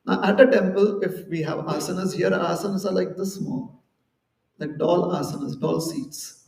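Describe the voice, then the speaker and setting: Gravelly man lecturing in an echoey hall. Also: high-pitched, normal speed, a little mellow, distant mic. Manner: conversational, explains with everyday examples and acted-out quotes. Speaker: temple speaker. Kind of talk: devotional lecture.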